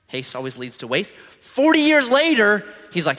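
A man preaching a sermon, reading scripture with animated, conversational, jokey asides. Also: sits high, normal speed, hardly any pauses, in a large hall. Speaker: pastor.

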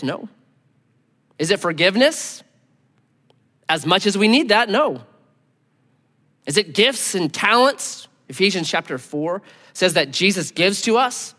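A man preaching with a high, very lively voice that swings between punchy emphasis and hushed near-whispers. His casual, conversational sermon rings out with long reverb in a church hall. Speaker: pastor.

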